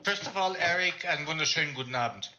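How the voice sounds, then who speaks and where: A man co-hosting a livestream, chatting casually, animated and laughing, often repeating words. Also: fairly high pitch, fast, muffled recording. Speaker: stream co-host. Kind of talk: casual chat.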